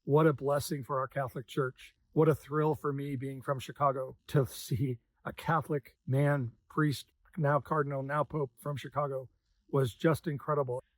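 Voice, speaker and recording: A man's voice: medium pitch, level tone, normal speed, no echo. A man in the news business sharing a personal story in an earnest, emotional way. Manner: earnest, emotional, soft-spoken at times. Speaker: news sales manager. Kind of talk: personal reflection.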